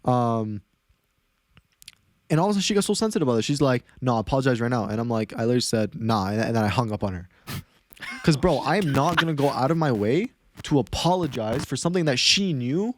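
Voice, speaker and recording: Fast-talking casual male podcast host. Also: medium pitch. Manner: fast, animated storytelling with many fillers. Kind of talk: casual chat.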